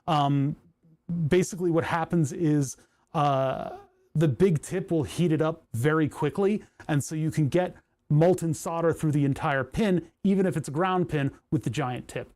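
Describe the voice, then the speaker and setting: A man's voice: fairly high pitch, moderate pace, darkish tone. A young man streaming live, chatting casually and rambling into asides while he works on a soldering job and reads chat. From United States.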